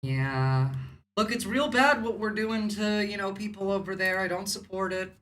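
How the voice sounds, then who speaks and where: Blunt, sarcastic woman streamer with a bright voice. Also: mid-range voice, normal speed. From United States. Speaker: livestream host. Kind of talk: casual political commentary.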